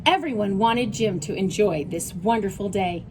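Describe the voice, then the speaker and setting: A woman reading a picture book aloud, with animated, chatty asides about the pictures and her daughter. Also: mid-range voice, normal speed, background noise.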